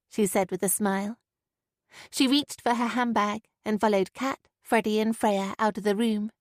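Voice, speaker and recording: A woman narrating an audiobook in a measured, even reading voice. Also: mid-range voice, dry recording, clean studio sound. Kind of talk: scripted narration.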